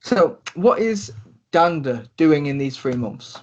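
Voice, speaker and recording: A man narrating a tabletop role-play as game master, rambling with many pauses and restarts. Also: on the high side, big pitch swings, a little mellow. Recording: dull lo-fi recording.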